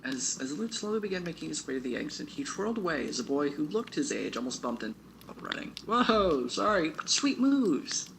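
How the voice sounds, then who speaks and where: A man's voice: mid-range voice, big pitch swings, quick pace, creaky. A man reading his own novel aloud on a stream, chuckling at his own writing and stopping to comment on it. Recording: noisy background hiss.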